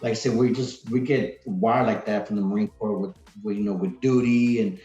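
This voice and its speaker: A man's voice: on the low side, fairly even intonation, a little fast, mellow. A man, a podcast guest, chatting casually and energetically, rambling with lots of "like" and "man". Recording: roomy, dull lo-fi sound.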